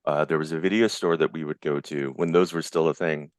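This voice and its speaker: An excitable man in his forties tells stories as a podcast guest, doubling back and restarting his thoughts as he goes. His voice sits very low, and the sound is close and dry, with no room around it. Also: brisk, dry recording. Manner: rambling, enthusiastic, many restarts. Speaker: guest, visual effects artist. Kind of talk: casual interview chat.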